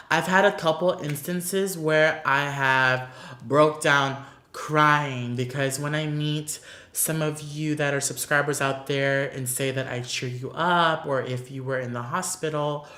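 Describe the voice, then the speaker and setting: This Orlando, Florida man, a beauty YouTuber, responds to fans' questions in a relaxed vlog filmed against a paper backdrop. He speaks slowly in a slightly high, sharp-toned voice with fairly flat intonation, gushing emotionally and saying "like" a lot. The audio is echoey.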